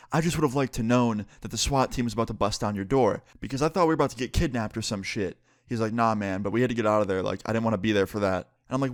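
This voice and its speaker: A young man from New York state casually tells a personal story, acting out quoted dialogue and saying "like" constantly. He talks fast in a mid-range voice, recorded at studio quality with no echo.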